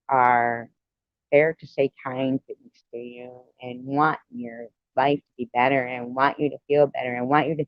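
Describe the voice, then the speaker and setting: A man's voice: medium pitch, no echo, dull audio. A man telling a personal story to viewers in a casual, rambling, heartfelt way, with many "you know" fillers.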